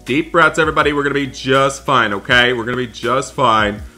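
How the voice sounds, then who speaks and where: A man narrating a game roleplay with anxious excitement, often repeating himself. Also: mid-range voice, brisk.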